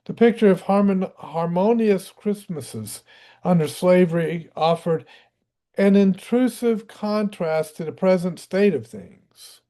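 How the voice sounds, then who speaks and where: Man, Southern US accent, high voice, unhurried, reading a book aloud, casual asides. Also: warm tone. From Tennessee, USA. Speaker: audiobook reader.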